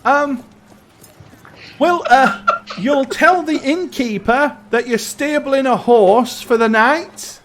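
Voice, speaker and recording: A man's voice: extremely high pitch, slow, fairly bright tone, slight background noise, pitched above the performer's own voice, full character voice. A man voicing an eager young stable boy who chats hesitantly about customs and tips. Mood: eager helpful. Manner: chatty, hesitant, fussing over customs.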